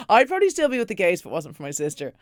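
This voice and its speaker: An Irish woman hosting a podcast, chatting casually and chiming in quickly. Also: on the high side, wildly swooping pitch, no echo, clean studio sound. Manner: quick interjections and laughter. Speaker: podcast host. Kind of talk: casual chat.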